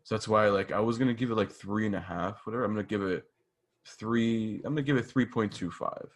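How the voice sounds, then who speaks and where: A man's voice: fairly low pitch, brisk. A man co-hosting a music podcast in crude, rambling casual chat, full of "like". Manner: crude, rambling, heavy use of "like". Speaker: podcast co-host.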